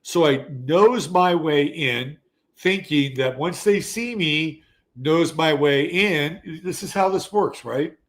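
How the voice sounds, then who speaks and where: A man in his sixties, an astrology show host, telling a casual story in an animated, profane, conversational way. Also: on the high side, slow. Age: 60s. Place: Texas.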